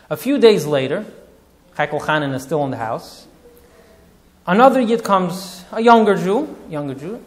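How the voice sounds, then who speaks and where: A male rabbi recounts a story with drama and feeling, mixing in Yiddish and Hebrew terms. His speaking voice sits somewhat high for a man. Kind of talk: storytelling talk.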